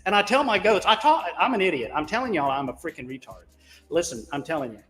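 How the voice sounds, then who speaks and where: Profane, rambling man with a high voice. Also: very animated, fast, a bit bright. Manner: profane, folksy and self-mocking. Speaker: caller on a crypto talk show. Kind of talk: casual rambling storytelling. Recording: long reverb on the voice.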